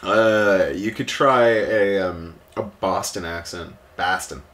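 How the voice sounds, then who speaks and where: A man's voice: slow pace, a bit bright. A young man co-hosting a game let's play, chatting casually and laughing often. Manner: laughing often, swinging pitch for jokes.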